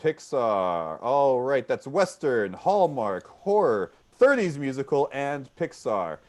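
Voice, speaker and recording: Lively male improv game host. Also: medium pitch, slow pace. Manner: upbeat, repeats suggestions back, yells freeze. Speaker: referee and host of an improv show. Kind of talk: online comedy game hosting. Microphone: video call.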